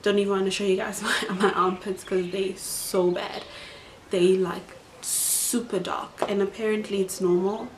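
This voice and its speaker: A woman's voice: medium pitch, little pitch movement, a little slow, background noise. A young adult woman with a South African accent, chatting casually to camera in a vlog and filling her talk with "like". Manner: chatty, lots of "like" fillers. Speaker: YouTuber.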